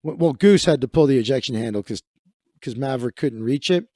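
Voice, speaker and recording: A man's voice: mid-range voice, lively intonation, brisk, mellow, dry recording, studio quality. Sarcastic male stream host. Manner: sarcastic, profane asides. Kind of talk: comedic live-stream commentary reading the news.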